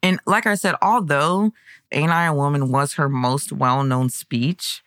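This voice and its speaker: A podcast host narrating history in a conversational way, breaking into excited personal asides. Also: medium pitch, unhurried, dry recording, clean studio sound.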